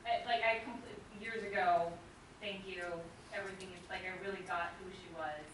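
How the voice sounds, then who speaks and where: A woman participant in a seminar, telling a personal story in a chatty, halting way. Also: medium pitch, fairly even intonation. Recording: echoey room from far off with noise.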